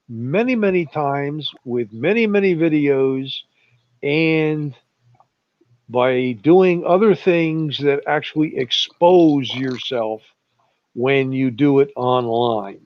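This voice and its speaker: A man in casual online talk, drawling slowly and chuckling as he tells stories. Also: medium pitch, no echo. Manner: slow, drawling storyteller, chuckles often. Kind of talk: casual chat. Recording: muffled lo-fi voice chat.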